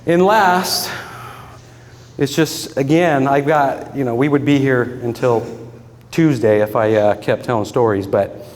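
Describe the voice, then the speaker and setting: With a medium-pitched voice and measured pace, a man eulogizes his father in a large hall with slight background noise. Among mourners at the funeral gathering, he recounts personal stories earnestly and often breaks into laughter.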